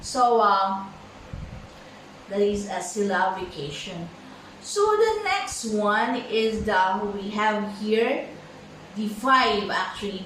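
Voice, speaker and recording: Slow woman teacher in an echoey room. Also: mid-range voice, a bit bright, far from the mic, slight background noise. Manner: slow, halting, many fillers and repeated words. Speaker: English pronunciation teacher. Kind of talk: slow classroom lesson.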